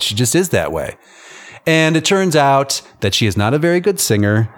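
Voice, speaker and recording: A man co-hosts a casual podcast from his home, summing up a film with jokes and lively asides. His voice sits on the lower side. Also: moderate pace. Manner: animated, joking storyteller. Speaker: podcast co-host. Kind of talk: casual chat. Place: at home near an airfield.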